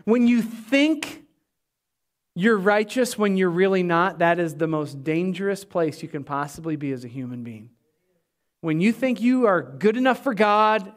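A middle-aged man preaching from the pulpit in a fairly high voice. He presses his points with emphasis, then sinks low and quiet to drive them home to the congregation. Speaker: pastor. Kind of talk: sermon. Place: church.

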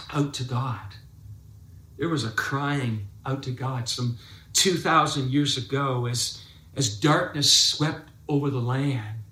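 A male pastor delivering a sermon in a bright, forceful voice. He talks emphatically, drawing out phrases and repeating words for stress. The sound carries the reverberation of a large echoey church space. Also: mid-range voice.

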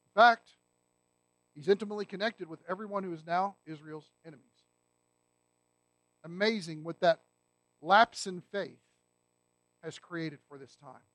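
A man's voice: sits high, a little slow, long pauses, a bit bright, no room sound. A man preaching a sermon, emphatic and asking the congregation rhetorical questions. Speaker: pastor.

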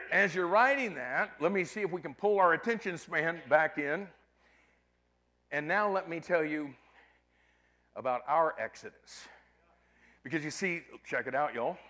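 Male preacher, high pitch, slow deliberate emphatic sermon delivery. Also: sharp tone. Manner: emphatic, calls to the congregation.

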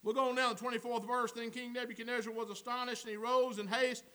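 A male pastor preaching a sermon, building to shouts and dropping into folksy asides. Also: extremely high pitch, flat delivery, fast, clear, resonant tone.

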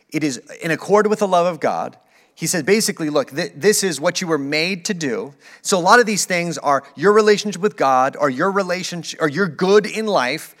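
A man's voice: fairly high pitch, fairly bright tone. A man preaching a sermon in a casual, conversational way, with playful acted asides. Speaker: pastor.

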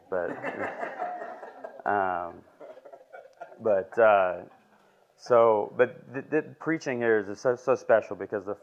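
A man in his twenties giving a halting, emotional personal testimony as a lay preacher in a church classroom. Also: deep voice. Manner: halting, emotional, filler-heavy. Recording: muffled lo-fi recording.

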